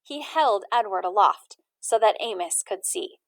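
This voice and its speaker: A woman reading a children's storybook aloud in an expressive, animated way. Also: mid-range voice, measured pace, dry recording. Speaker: audiobook reader.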